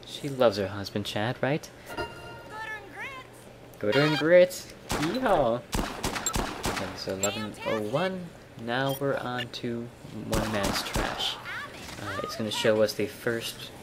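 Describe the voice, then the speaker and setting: A man casually commenting on a video game as he plays, explaining in a relaxed way with wry asides. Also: fairly low pitch, noisy background. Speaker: let's play commentator. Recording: game audio with gunfire mixed under voice. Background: clear game sounds and gunfire.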